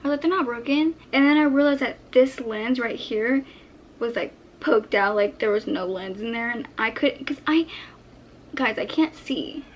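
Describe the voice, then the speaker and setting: A young woman with a fairly high voice tells a casual storytime, acting out her own past lines with lively animation. The audio is dull and lo-fi, with a faint hiss underneath. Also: moderate pace. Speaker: vlogger.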